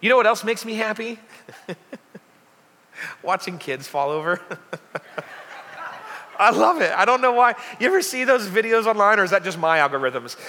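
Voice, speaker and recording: A man's voice: high-pitched, animated, measured pace, pauses often, pushed and bright. A young adult man preaching a casual sermon, chatty and joking with lots of fillers. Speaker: pastor. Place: church hall. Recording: long hall reverb.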